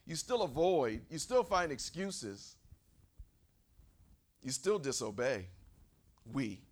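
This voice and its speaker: A man preaching a sermon as a pastor, putting questions to the congregation and calling for amens, moving between quiet asides and loud, high preaching. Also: big pitch swings, slow pace. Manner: emphatic, with questions to the congregation and call-and-response.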